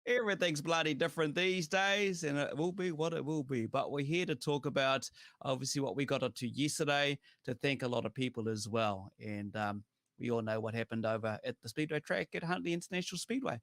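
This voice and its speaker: A man with a New Zealand accent hosting a casual talk show, relaxed and chatty, with lots of "uh" and "you know". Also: medium pitch, fairly quick, no echo, studio quality. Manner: chatty, relaxed, thanks viewers by name, heavy on fillers. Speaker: show host. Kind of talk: casual podcast chat.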